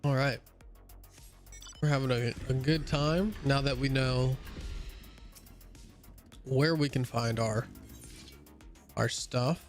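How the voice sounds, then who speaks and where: A young man with a gravelly voice talks casually to his viewers while playing a game. He rambles with plenty of fillers and restarts, and sounds a little tired. Faint game music hums behind him. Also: medium pitch, steady tone, slow pace, pauses often. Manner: yawning, a bit tired. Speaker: gaming streamer.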